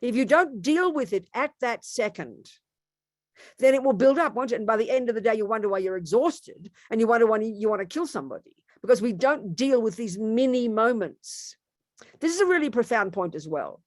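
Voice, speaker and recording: A Buddhist nun giving a dharma talk in a fairly high, animated voice that jumps up and down in pitch and loudness. She talks conversationally, repeating points and asking rhetorical questions. The sound is close and dry. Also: brisk, no echo. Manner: emphatic, animated, wide swings in pitch and loudness.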